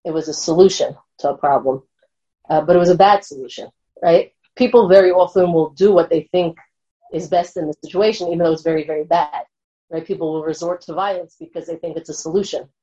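A woman's voice: lowish voice, steady tone, fairly quick, mellow, muffled recording. A woman lecturing and answering an audience question in an earnest way, often checking in with her listeners.

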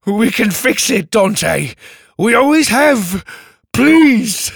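A man's voice: big pitch swings, extremely slow, gravelly, slight background noise, exaggerated voice. A man voicing a frantic villainous pirate captain. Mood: desperate pleading. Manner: pleading, shrill and frantic. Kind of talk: storybook narration.

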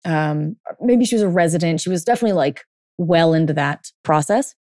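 A woman's voice: sits low, animated, brisk, a little mellow, dry recording, clean studio sound. A woman coach telling a story in a casual monologue, full of fillers, then turning blunt and emphatic, with some swearing. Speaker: dating and life coach.

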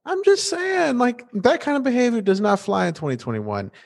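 A man chatting casually as a podcast co-host, recapping an episode. His pitch swings widely as he tells it, playful and quick to joke, with frequent restarts. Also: huge pitch swings, creaky.

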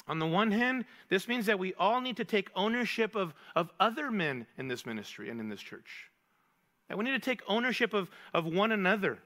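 A male pastor preaches to a men's Bible study in a high, bright voice. He drives his points home by repeating key words and firing questions at the listeners. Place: church meeting room.

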